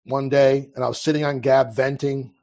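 A man's voice: mid-range voice, level tone, normal speed, dark tone. A man in his thirties telling his life story as an interview guest, in a casual, rambling way full of restarts. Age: 30s. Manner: rambling, restarts, frequent fillers.

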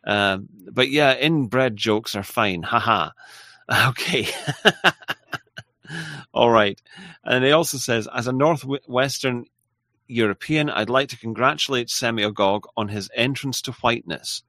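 A man hosting a casual livestream, reading viewer messages aloud in a halting, apologetic way. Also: medium pitch, pushed and bright, dry recording. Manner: halting and apologetic, with frequent restarts and laughs. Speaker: livestream host.

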